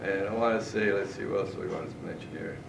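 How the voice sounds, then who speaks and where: A man's voice: deep voice, fairly even intonation, fast, creaky. A middle-aged man telling fishing anecdotes in a tribute speech at a party, chuckling often as he goes. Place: large indoor party room. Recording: echoey, distant, noisy party room.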